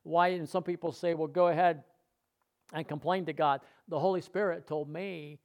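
A man's voice: on the high side, steady tone, moderate pace, vocal fry, darkish tone. A man preaching a sermon, telling his own testimony earnestly, repeating phrases for emphasis and dropping his voice for asides.

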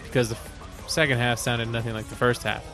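A man's voice: mid-range voice, flat delivery, bright, forceful tone, soft background music. Wisecracking man on a podcast. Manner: wisecracking, quick puns. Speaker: podcast co-host. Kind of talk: casual podcast chat.

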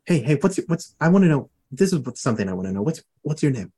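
A man voicing a male champion of a death god in a slow, quiet, threatening put-on accent. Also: a little high, sing-song, slight background noise. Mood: menacing.

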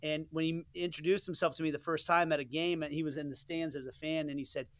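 A middle-aged man from the United States tells stories from his career in a relaxed interview, earnest and a little rambling, stopping to restart his sentences. His voice sits on the higher side and is recorded dry and close, with no room sound. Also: fast, no room sound. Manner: rambling and earnest, many restarts and "you know" asides. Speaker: soccer play-by-play commentator, guest. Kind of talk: casual interview storytelling.

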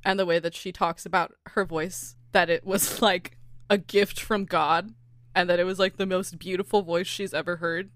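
A woman's voice: on the low side, moderate pace, dry recording. Laughing Californian woman host. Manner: animated, laughs often. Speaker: podcast host. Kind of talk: casual chat.

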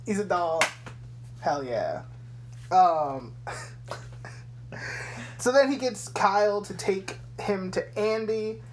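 A woman's voice: medium pitch, slow pace, long pauses, slight background noise. Young woman casually recapping a film. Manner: animated retelling, swearing, acting out lines. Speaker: podcast co-host.

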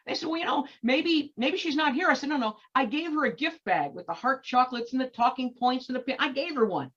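Middle-aged woman guest retelling events with animated, stumbling drive; fairly high voice, muffled recording. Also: a little fast. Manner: animated, many repeated restarts. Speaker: activist guest. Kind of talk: storytelling interview. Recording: dull lo-fi recording.

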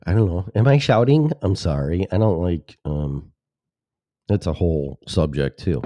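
A man's voice: deep voice, expressive, unhurried, mellow, dry recording, clean studio sound. A man from the Chicago suburbs hosting a talk show, rambling alone at the mic in a sarcastic, profane way and interrupting himself. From Chicago suburbs, Illinois. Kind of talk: solo rambling monologue.

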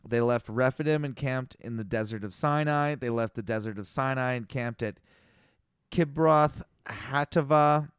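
A man co-hosting a casual podcast, reading scripture aloud in a plain, flat way and stumbling over unfamiliar names. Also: medium pitch, brisk, few pauses, clear, resonant tone, no room sound, clean studio sound.

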